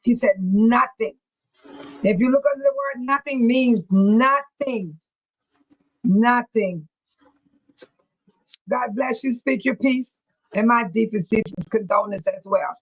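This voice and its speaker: A woman's voice: on the high side, normal speed, husky, rough recording. A woman hosting a casual livestream, emotional and preachy, reading viewer comments aloud. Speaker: livestream host.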